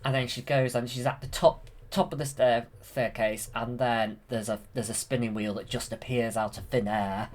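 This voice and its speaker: A man's voice: mid-range voice, fairly even intonation, moderate pace. A man casually retelling a film from memory, hesitant, with many fillers and restarts. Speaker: channel host.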